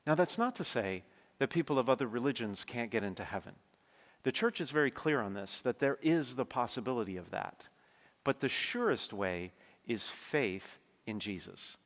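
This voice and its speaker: A man's voice: medium pitch, expressive, moderate pace, fairly bright tone. A man, a priest, preaching a sermon in a conversational, emphatic way, speeding up when he stresses a point. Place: church. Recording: long church reverb.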